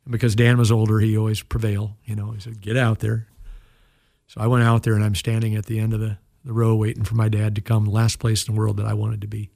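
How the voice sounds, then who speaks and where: A man's voice: on the low side, monotone, fast, gravelly, warm tone, no room sound, clean studio sound. A man in his sixties, a pastor and guest in an interview, telling a personal story in an earnest, emotional way. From United States.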